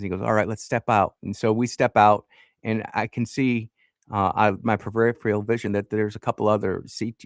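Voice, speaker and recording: Low-voiced guy rambling through a story in a radio studio, super dry close sound. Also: dry recording. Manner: rambling, self-interrupting, chuckles. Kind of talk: casual storytelling.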